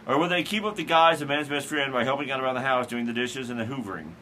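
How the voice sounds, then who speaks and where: Hosting a casual talk show about daily holidays, this man talks fast in a medium-pitched voice with a bright, forceful tone, wandering through asides and fillers over slight background noise.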